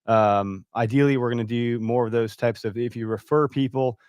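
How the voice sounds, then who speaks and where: A man's voice: medium pitch, fairly even intonation, moderate pace, a little mellow, clear, resonant tone. A man from Wisconsin chats casually on a live stream from his home computer, rambling and stopping to read viewer comments. He sounds a bit out of breath with a stuffy nose. The mic is close and dry, with no room echo. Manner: rambling, reads comments aloud, many fillers. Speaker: host of a hunting podcast. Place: home, early morning.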